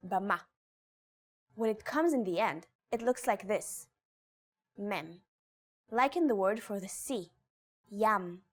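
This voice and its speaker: A woman reading a scripted language lesson, pronouncing example words slowly and carefully. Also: mid-range voice. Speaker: Hebrew teacher.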